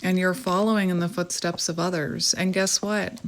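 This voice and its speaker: A woman's voice: on the low side, fairly even intonation, moderate pace, slight background noise. A woman in her thirties with a Canadian accent, giving a reflective, meandering spiritual tarot reading to her viewers. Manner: gentle, reflective, meandering with fillers. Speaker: tarot reader.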